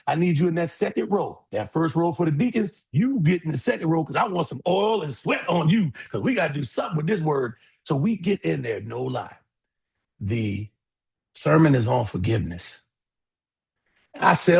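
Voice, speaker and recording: A middle-aged man telling a story in a keynote talk, animated and acting out the people in it. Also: fairly high pitch, a little fast, gravelly, husky. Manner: animated storyteller, acts out voices, addresses audience as y'all. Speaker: keynote speaker.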